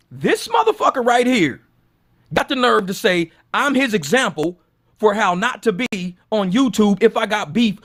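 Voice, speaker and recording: A man ranting angrily on a gig-work commentary channel, swearing constantly and mocking others in put-on voices. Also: fairly bright tone. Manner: profane, heated, mocks others in squeaky voices.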